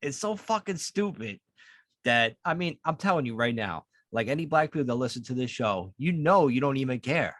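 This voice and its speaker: A man's voice: medium pitch, lively intonation, moderate pace, fairly bright tone, no room sound, clean studio sound. Profane ranting man. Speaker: podcast co-host. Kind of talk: casual podcast chat.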